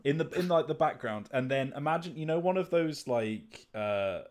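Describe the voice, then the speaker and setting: A man's voice: fairly high pitch, animated, moderate pace, darkish tone. A man hosting a livestream, chatting casually, rambling with fillers and laughing as he describes a scene. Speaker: livestream host. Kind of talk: casual chat, mock trailer narration.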